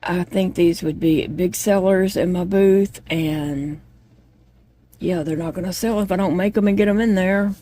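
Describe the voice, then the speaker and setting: A woman's voice: lowish voice, unhurried, mellow. A woman chatting casually to viewers while she crochets at home, rambling from one thought to the next. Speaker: vlogger.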